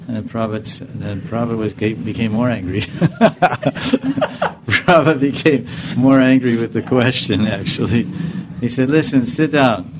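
A man speaking as a spiritual teacher, answering a question in a relaxed, conversational discourse and often stopping to correct himself. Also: mid-range voice, normal speed, noisy background. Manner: conversational, self-correcting, chuckling now and then.

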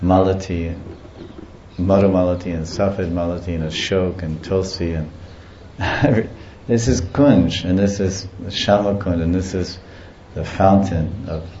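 A man giving a devotional talk in an unhurried storytelling manner, listing things and chuckling as he goes. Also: deep voice, fairly even intonation, dark tone, a little hiss or hum. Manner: slow, storytelling, lists and chuckles. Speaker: devotional teacher. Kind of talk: devotional lecture and property tour. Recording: echoey muffled room with faint ambience.

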